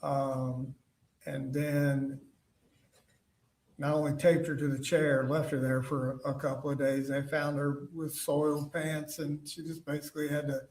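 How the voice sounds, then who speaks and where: A man giving witness testimony in court, telling his story haltingly with lots of fillers and restarts. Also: on the high side, little pitch movement, darkish tone. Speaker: trial witness. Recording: roomy, distant courtroom mic.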